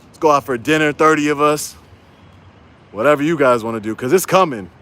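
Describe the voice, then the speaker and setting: A man's voice: fairly high pitch, brisk, a bit bright. Fired-up man ranting on a livestream. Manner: heated, repetitive, rallying his viewers. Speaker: YouTube auditor livestreaming. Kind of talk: angry livestream rant.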